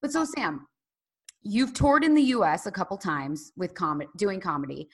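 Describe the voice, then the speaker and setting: A woman's voice: mid-range voice, lively intonation, normal speed, slightly rough. A woman co-hosting a podcast, asking the guest questions in a wry, teasing, blunt way. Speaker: podcast co-host. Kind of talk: casual podcast chat, interviewing.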